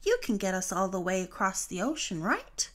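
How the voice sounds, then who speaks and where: A woman's voice: medium pitch, sing-song, normal speed, a bit bright. A woman voicing a hopeful young boy clownfish in a storybook read-along.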